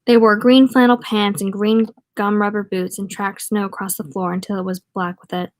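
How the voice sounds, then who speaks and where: A woman's voice: mid-range voice, level tone, moderate pace, no room sound. A woman reads a novel aloud in a plain, casual way, her voice in the middle of the usual range for a woman. She stops now and then to add wry remarks of her own. The sound is dry and close, with no room around it. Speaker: audiobook reader. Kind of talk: casual read-aloud with asides.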